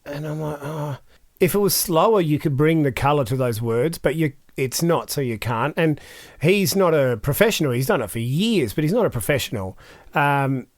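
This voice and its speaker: An audio engineer chatting casually on a podcast in a studio, telling stories full of asides. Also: male voice, fairly high pitch, moderate pace, dry recording. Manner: chatty, animated storytelling with many asides. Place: recording studio.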